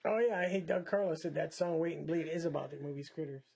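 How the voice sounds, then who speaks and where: Gravelly, husky joking man. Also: fairly high pitch, fast talker, a little mellow. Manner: crude, joking, blunt. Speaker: co-host. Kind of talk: casual movie chat on a live stream. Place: storage shed.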